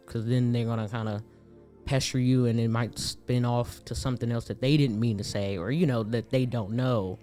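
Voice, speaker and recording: A young man from Gary, Indiana, co-hosting a podcast in casual chat, animated and quick to laugh as he acts out other people. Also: medium pitch, faint music behind. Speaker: podcast co-host.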